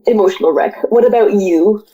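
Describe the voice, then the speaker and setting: A woman's voice: mid-range voice, fairly quick, mellow, muffled recording. A woman chatting casually and reflectively, rambling with plenty of filler words. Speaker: co-host reacting to a show finale. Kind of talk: casual chat.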